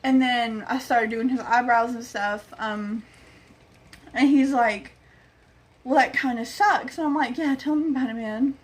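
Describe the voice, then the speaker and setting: Young woman vlogger, chatty storyteller who plays every part of the dialogue, swears casually, a bit high-pitched.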